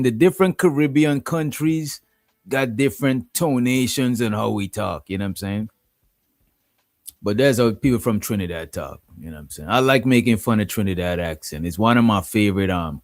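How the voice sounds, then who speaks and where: A man's voice: on the low side, normal speed, dry recording, clean studio sound. A man from Guyana with a Guyanese accent, hosting a casual livestream and rambling, often asking "you know what I'm saying". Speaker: livestream host.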